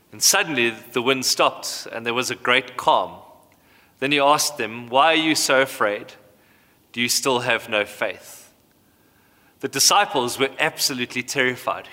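A man in his thirties, a pastor preaching a sermon with animated storytelling. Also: medium pitch, normal speed. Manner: animated storytelling, acts out voices. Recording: hall reverb.

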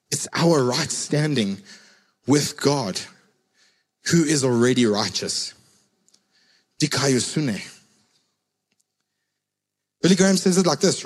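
A man's voice: medium pitch, lively intonation, slow pace, long pauses, big-room sound. A man preaching a sermon in a conversational, storytelling way, repeating his key words for emphasis.

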